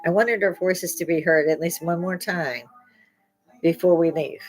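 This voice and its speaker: An older woman hosting a podcast, talking in a rambling, opinionated monologue, salty and quick to laugh at her own jokes. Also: on the low side, soft background music, poor audio. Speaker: podcast host.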